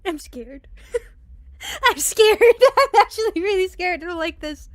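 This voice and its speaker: A young woman streams a horror game, reacting with jittery nerves, screams and nervous laughter. Her very high voice has lively intonation, and she speaks slowly. She uses headphones with a mic, and there is no echo.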